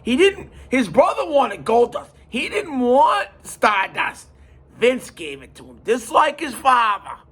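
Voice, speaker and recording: Here is a man telling a story in a casual podcast, slow and deliberate. His voice is high for a man and swings widely as he stresses each point. He sounds emphatic and animated. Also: slightly rough. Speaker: podcast host.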